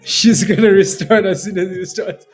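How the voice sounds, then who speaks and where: A man's voice: sits high, normal speed, faint music behind. A man hosting a day-trading livestream in casual chat, joking, laughing often and bantering with viewers and his phone assistant. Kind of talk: casual live-stream chat.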